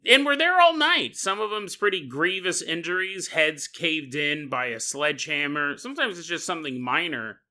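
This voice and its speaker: A man hosts a podcast and tells a story as a jokey monologue, laughing often. His voice is high and very bright, with a sharp edge. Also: animated, normal speed, hardly any pauses. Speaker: podcast host.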